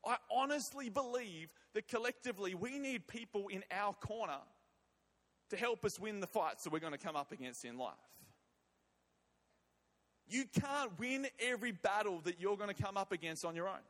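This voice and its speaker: A man's voice: sits high, animated, moderate pace, fairly bright tone. A man preaching a sermon and leading prayer, emphatic and often repeating words and phrases. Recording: long reverb of a large hall.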